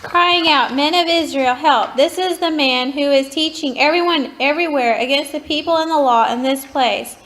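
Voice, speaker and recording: A woman in a church Bible class reading scripture aloud at a steady pace. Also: sits high, moderate pace, hardly any pauses, a little hiss or hum.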